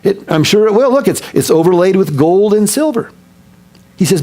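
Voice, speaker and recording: A male pastor delivers a sermon in a somewhat high voice. He tells the stories with animation, acting out the scenes, and sometimes sinks to a near-hush to drive a point home. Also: a little fast. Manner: drops to a soft, quiet voice for emphasis.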